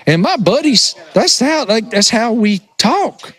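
A man's voice: very high-pitched, a little slow, husky. Man with a thick Appalachian accent. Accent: rural Appalachian. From rural Appalachia. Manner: lively, self-mocking. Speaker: radio show co-host. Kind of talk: casual radio banter. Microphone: remote line over satellite internet.

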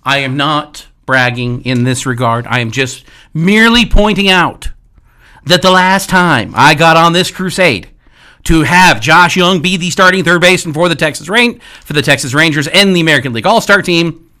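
A man's voice: on the high side, moderate pace, bright, forceful tone, clear, resonant tone. A man hosting a sports radio talk show, emphatic and playful as he rallies listeners. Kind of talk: casual sports radio banter.

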